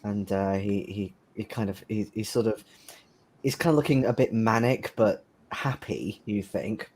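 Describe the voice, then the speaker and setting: A man's voice: fairly low pitch, unhurried, a little mellow. A man narrating as game master of a tabletop horror game, hesitant and full of ums.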